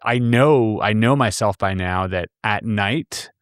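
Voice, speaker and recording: Man, podcast host, lowish voice, reflective, casual, filler-heavy, dry close mic. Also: slow, no room sound. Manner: reflective, with many fillers like "you know". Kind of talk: casual interview chat.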